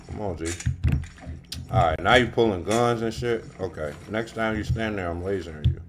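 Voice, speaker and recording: A man's voice: normal speed, noisy background. A man streaming a game live, talking in slangy trash-talk to other players. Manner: slangy, trash-talking, bursts into high excited yelling. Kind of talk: live gameplay commentary.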